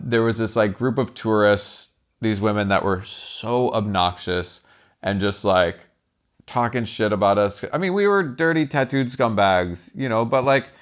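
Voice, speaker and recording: A man's voice: medium pitch, clean tone. Rambling, profane storyteller man. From Texas. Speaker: podcast guest, tattooer. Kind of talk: casual storytelling.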